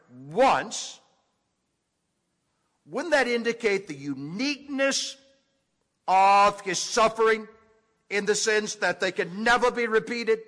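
A male preacher with a high voice walks slowly through a passage of scripture. He stresses the important words with weight and lets pauses sit. His voice rings out in a large hall with a long, lingering reverb. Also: bright, forceful tone. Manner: deliberate teaching tone, emphatic on key words. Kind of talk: expository sermon.

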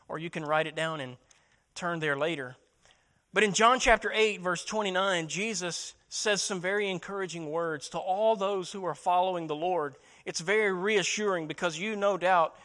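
A man's voice: high-pitched, normal speed, bright, forceful tone. A man preaching a sermon as pastor, asking rhetorical questions, repeating words as he restarts, and building to emphatic peaks.

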